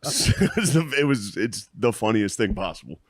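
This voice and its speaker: A man with a low voice that swoops animatedly tells stories on a comedy podcast and laughs at his own jokes. His voice sounds dry and close. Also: very animated, moderate pace, no room sound. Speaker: podcast co-host. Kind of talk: casual comedy chat.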